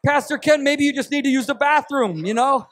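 A man's voice: very high-pitched, a little fast, fairly bright tone, no echo, pitched above the performer's own voice. A man voicing an upbeat encourager reassuring a sick pastor.

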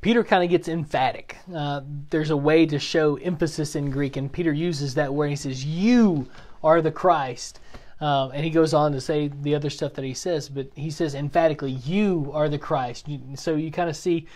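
A man teaching a Bible class in a relaxed, explanatory way, with plenty of fillers and restarts. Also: on the high side, brisk, few pauses. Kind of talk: casual teaching talk. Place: church classroom.

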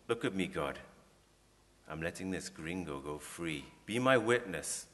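A man voicing a desperate armed robber who threatens in a low, quiet voice while reading from his story in a reverberant hall. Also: animated, unhurried. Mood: menacing.

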